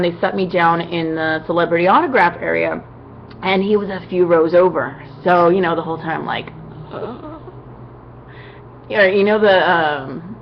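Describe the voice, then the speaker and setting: Chatty upbeat woman, slightly low voice. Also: vocal fry, highs cut off, slight background noise. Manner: chatty and upbeat, many "you know" asides. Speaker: cosplayer answering fan questions. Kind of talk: casual vlog Q&A.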